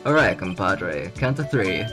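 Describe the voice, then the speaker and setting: A man voicing a gloomy, laid-back Texan cowboy patrolman in a slow, poetic drawl, over game music. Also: low voice, sing-song, pitched below the performer's own voice.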